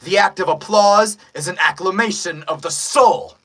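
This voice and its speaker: A man voicing a brash, hulking young male fighter in a fan dub, declaiming his line forcefully. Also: sits high, moderate pace, distant mic, soft background music, voice pushed up. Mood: defiant.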